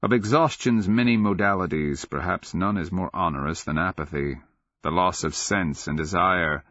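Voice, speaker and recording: Deep voiced guy reading an audiobook, slow and grave, dry dull studio sound. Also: fairly bright tone, dry recording. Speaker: audiobook narrator. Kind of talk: scripted narration.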